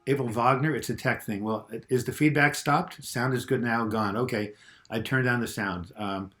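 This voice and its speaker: A man's voice: medium pitch, fairly even intonation, moderate pace, fairly bright tone. A man in his sixties with a cold, hosting a casual live Q&A on a lapel mic, chatting as he reads out viewers' comments and answers them. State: getting over a cold. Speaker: host of a mental health Q&A. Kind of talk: casual live video chat. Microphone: lavalier mic.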